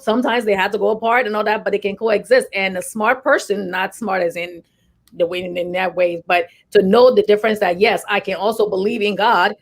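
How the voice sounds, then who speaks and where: A woman who is a nurse co-hosting a talk show, telling stories in a chatty way full of fillers. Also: medium pitch. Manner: chatty, storytelling, many fillers. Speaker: nurse and co-host.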